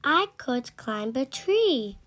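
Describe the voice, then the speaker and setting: A boastful little storybook mouse who swears he is a tiger, as a woman reads him out. The voice sits high and is drawn out slowly, stubborn and playful. Soft music plays faintly behind. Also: very animated, heavily acted. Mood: stubborn boasting. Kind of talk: storybook read-aloud.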